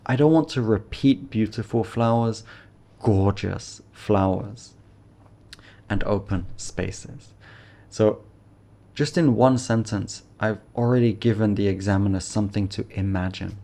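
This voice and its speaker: A man's voice: fairly low pitch, moderate pace, mellow. A man teaching IELTS speaking, encouraging as he explains phrases and models model answers. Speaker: English teacher.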